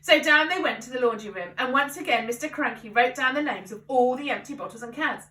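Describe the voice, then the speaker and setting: A woman reading a children's book aloud in an animated way and inviting children to join in. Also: high-pitched, a little fast. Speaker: storyteller, children's reader. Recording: echoey room, voice from a distance.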